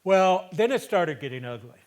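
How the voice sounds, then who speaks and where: A man in his seventies performing a theatrical storytelling monologue on a stage, conversational, moving between loud emphasis and hushed asides. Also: sits high, lively intonation, normal speed. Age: 70s.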